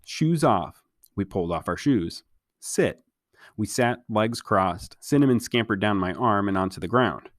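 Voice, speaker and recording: A man reading a novel aloud as a storybook reader, in a calm, even narration. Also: fairly low pitch, moderate pace, hardly any pauses, no room sound, studio quality.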